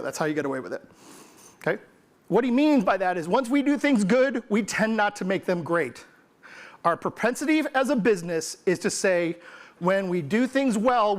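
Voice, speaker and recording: A man giving a humorous, energetic keynote to a live audience, quizzing them and mimicking what people say. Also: high-pitched. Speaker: conference keynote speaker.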